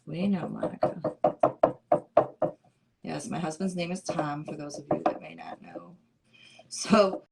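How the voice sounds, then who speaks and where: Middle-aged woman, craft livestream host, slightly low voice, easy playful chatter with the viewers. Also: lively intonation, a little slow, vocal fry, long pauses, heavy background noise. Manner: chatty and playful, answers comments. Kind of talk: casual chat with live viewers.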